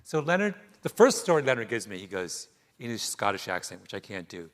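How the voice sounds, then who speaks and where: Animated male storyteller, lively pitch. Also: fairly quick. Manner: animated storytelling, laughing often. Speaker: author guest. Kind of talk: onstage conversation. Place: theater stage before an audience.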